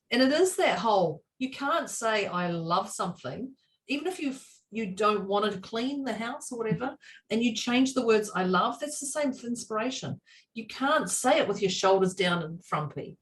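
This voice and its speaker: A woman's voice: fairly high pitch, normal speed, distant mic. Chatty woman, set back from the mic. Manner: animated, acts out quoted voices, laughs often. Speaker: podcast co-host. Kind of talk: casual chat.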